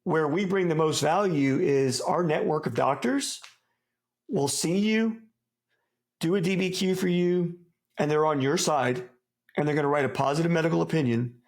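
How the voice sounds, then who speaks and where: A man from the United States with a gravelly, creaky voice that sits a little high, talking as an interview guest. He speaks in a loose, laid-back way and swears freely. He rambles and restarts often, with buddy slang throughout. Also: normal speed. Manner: rambling, many restarts and asides. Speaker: interview guest, former soldier. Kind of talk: casual interview chat.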